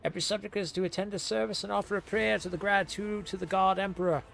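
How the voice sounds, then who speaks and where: An actor playing a game's male imperial herald, declaiming a formal proclamation in a solemn, drawn-out way. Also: sits high, steady tone, creaky, fairly bright tone. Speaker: in-game herald.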